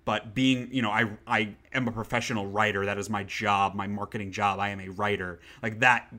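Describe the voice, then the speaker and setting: A man hosts a casual podcast with a bright, forceful tone. He is sarcastic and opinionated and swears freely. His delivery is chatty and full of quick restarts. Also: on the low side, fairly even intonation. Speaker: podcast host. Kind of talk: casual chat.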